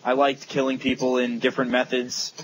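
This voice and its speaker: A man's voice: mid-range voice, monotone, fairly quick, a little hiss or hum, poor audio. A young man co-hosting a casual gaming podcast, rambling with lots of fillers and teasing his friends. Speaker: podcast co-host.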